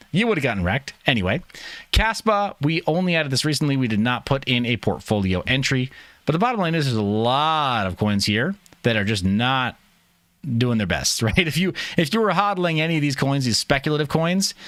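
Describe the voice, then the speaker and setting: A man's voice: mid-range voice, a bit bright, no echo. A man hosting a livestream, chatting casually in a joking, rambling, self-mocking way. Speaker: livestream host.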